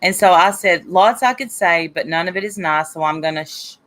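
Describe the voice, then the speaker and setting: A woman's voice: on the low side, brisk, fairly bright tone. A woman hosting a live stream, casually retelling an online argument and reading the comments aloud. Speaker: host of a live stream show.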